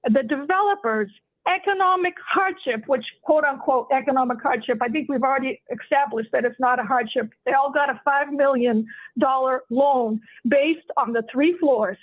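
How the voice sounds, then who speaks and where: A woman's voice: sits high, normal speed. A woman resident giving emotional, insistent public comment at a city meeting, repeating herself as she goes. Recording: tinny phone line.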